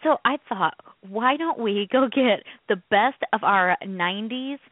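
A woman's voice: fairly high pitch, unhurried, no echo. A woman co-hosting a casual radio talk show, chatty and giggly, rambling through stories. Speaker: co-host. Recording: tinny phone-line radio sound.

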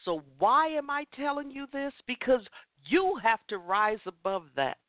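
A woman hosting a women's chat show gives an impassioned motivational talk, repeating phrases for emphasis. Her voice sits high with lively intonation at a moderate pace. The recording is dry and comes over a tinny phone line.

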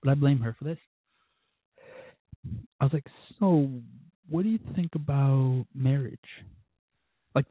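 Husky man rambling on a phone line. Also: a little high, dry recording. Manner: profane, rambling, self-mocking. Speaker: podcast host. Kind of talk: casual storytelling monologue.

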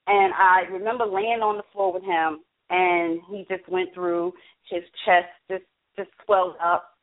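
A woman telling a personal story as a talk-show guest, halting and repeating words, quoting herself and others as she goes. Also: fairly low pitch, fairly even intonation. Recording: phone-line audio.

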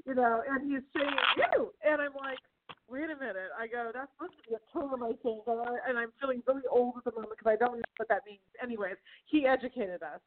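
Animated woman storyteller, tinny audio. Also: on the high side, fast talker, noisy background. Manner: animated storyteller, giggles, acts out voices. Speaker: chamber of commerce host. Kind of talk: casual radio interview chat. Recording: tinny phone-like radio audio.

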